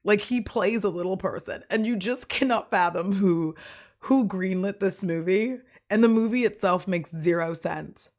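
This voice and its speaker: A woman streamer, sick with a cough and a voice deepened by illness, chatting with viewers in a rambling way and laughing often. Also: moderate pace, darkish tone. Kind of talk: casual stream chat with viewers.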